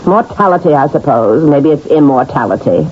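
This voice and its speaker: An actress playing a brisk, impatient woman newspaper managing editor in a vintage radio drama. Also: low-pitched, expressive, darkish tone, breathy edge. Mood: bossy. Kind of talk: 1970s radio drama acting. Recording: dull old radio broadcast.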